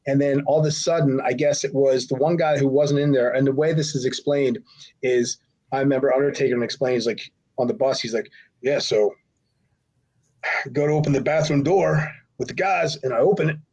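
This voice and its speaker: A middle-aged former wrestler, appearing as a podcast guest, tells a long, rambling story, putting on voices whenever he quotes other people. His voice is medium-pitched and darkish in tone, at a normal speed, and the audio is slightly dull and lo-fi.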